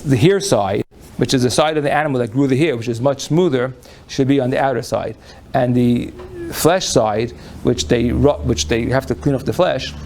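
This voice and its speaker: Speaking at a moderate pace with hardly any pauses, a man lectures a live audience on Jewish law in a lecture room, folksy and conversational, often restarting phrases. His medium-pitched voice is a little mellow, with slight background noise.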